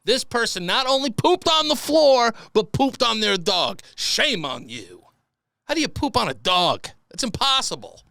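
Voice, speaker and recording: Young man, comedy podcast host, crude riffing, bright tone. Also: very high-pitched, unhurried, vocal fry, no room sound, studio quality. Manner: animated, crude, breaks into silly voices. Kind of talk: comedic story reading and riffing.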